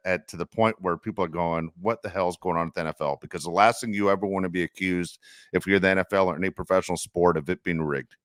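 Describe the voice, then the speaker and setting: A man's voice: low-pitched, a bit bright, clear, resonant tone, no room sound, studio quality. A middle-aged man hosting a casual sports podcast, telling stories in an earnest, reflective way. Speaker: podcast host.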